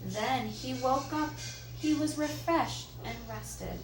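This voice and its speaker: Slow, expressive woman reading to kids. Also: high voice, music in the background. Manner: slow, expressive, asks listeners questions. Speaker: children's story reader. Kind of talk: picture book read-aloud. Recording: roomy echo, faint background noise.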